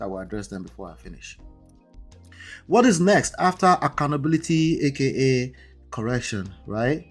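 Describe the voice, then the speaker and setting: A man with an accent, hosting a live marriage-coaching stream in a conversational way, often checking in with "right?" and "okay?". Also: mid-range voice. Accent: non-native English accent. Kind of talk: livestream talk.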